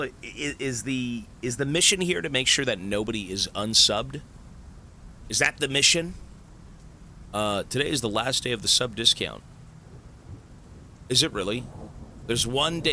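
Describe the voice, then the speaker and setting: A man streaming live, thanking viewers for gifts in an excitable, swearing, disbelieving way. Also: mid-range voice, a little hiss or hum. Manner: excitable, swears a lot, stunned outbursts.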